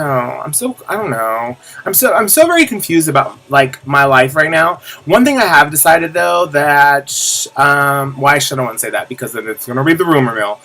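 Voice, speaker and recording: A young man with a fairly high, bright, forceful voice rambles candidly to his viewers in a casual confessional vlog. He circles back on himself with fillers and restarts and swears offhandedly. Soft music sits quietly behind him. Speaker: vlogger.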